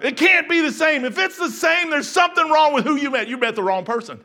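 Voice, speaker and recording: An older pastor preaches in a church, folksy and chuckling at his own stories. His voice sits high and carries a bright, forceful edge, rising to shouts and sinking to near whispers. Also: fairly quick. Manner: folksy, laughing, swings from shouting to hushed. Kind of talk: sermon. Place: church sanctuary.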